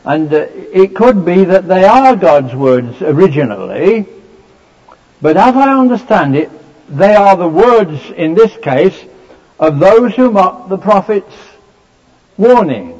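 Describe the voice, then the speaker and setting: A man preaching a sermon, explaining scripture in a measured way with many fillers and restarts. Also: high-pitched, sing-song, darkish tone. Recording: dull lo-fi recording.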